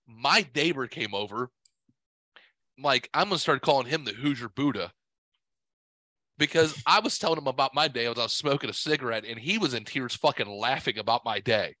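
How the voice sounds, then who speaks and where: A man hosting a podcast, telling a story in a casual, profane, animated way and acting out what others said. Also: medium pitch, a little fast, no echo. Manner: profane, animated, quotes people in voices. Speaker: podcast host.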